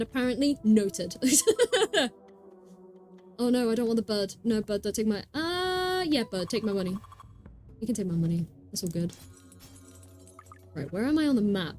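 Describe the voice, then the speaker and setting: A woman's voice: medium pitch, a little mellow. A British woman hosting a live game stream, chatting casually and giggling as she reacts to the game aloud. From Britain. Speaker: streamer host. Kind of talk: casual gameplay chat.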